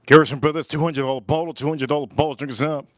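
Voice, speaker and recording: A man's voice: on the high side, steady tone, very fast, fairly bright tone, slight background noise. A man reviewing whiskey in casual live-stream chat, enthusiastic and repeating his phrases.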